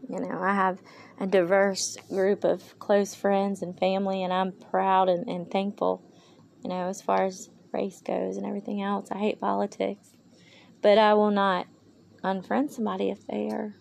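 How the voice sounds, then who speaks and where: A woman's voice: mid-range voice, creaky, a little mellow, a little hiss or hum. A tired woman talking through an emotional, rambling podcast monologue with a Valley Girl-ish lilt, recorded on a handheld phone as she paces a yard at night. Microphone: handheld phone while pacing.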